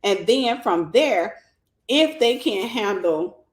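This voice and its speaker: A woman's voice: medium pitch, animated, takes it slowly. A woman hosting a faith-based livestream, teaching conversationally, quoting scripture and thinking aloud as she explains. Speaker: ministry host and mentor. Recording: roomy echo.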